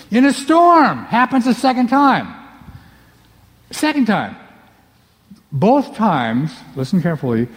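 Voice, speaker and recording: A man preaching a sermon, animated, acting out the scenes and swinging between loud bursts and hushed asides. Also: fairly high pitch. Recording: long reverb of a large hall.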